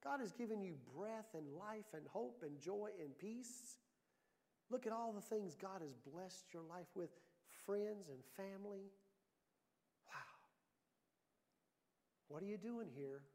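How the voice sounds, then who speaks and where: A male pastor preaching a sermon, telling stories with animated, rising emphasis. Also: high-pitched, unhurried.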